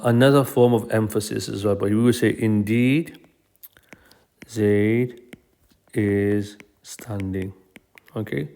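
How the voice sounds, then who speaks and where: Male teacher, mid-pitched, calm step-by-step explainer for a recorded grammar lesson. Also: vocal fry. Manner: patient, explanatory, repeats key phrases.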